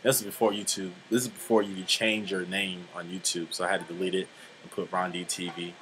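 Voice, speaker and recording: A young man in his twenties rambles through a casual vlog monologue with a lowish voice. He talks bluntly, swears freely, and fills the gaps with "like" and "um". A faint hiss of noise sits behind him. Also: level tone, a little fast, fairly bright tone, low-quality recording. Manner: rambling, blunt and profane, many fillers. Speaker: vlogger.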